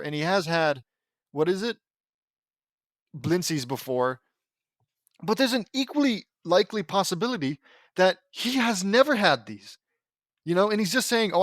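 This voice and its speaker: A man with a somewhat high voice picks apart a fan story as he reads it aloud, rambling and sarcastic. The sound is dry and close, with no room around it. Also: fairly bright tone, no echo. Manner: sarcastic, rambling, increasingly exasperated. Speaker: fan fiction reader and critic. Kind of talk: mocking read-aloud with commentary.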